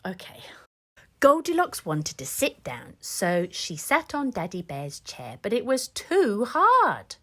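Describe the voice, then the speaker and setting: A woman reading a storybook aloud at an unhurried pace, her voice rising and falling in a lively, animated way. She stays patient and playful, a little flustered when she gets questioned. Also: mid-range voice.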